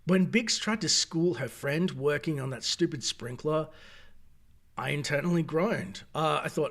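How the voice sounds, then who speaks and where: An Australian man giving a casual, opinionated review, talking in an animated, digressive way. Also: fairly high pitch, measured pace. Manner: animated, digressive, acts out quoted voices. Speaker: video reviewer.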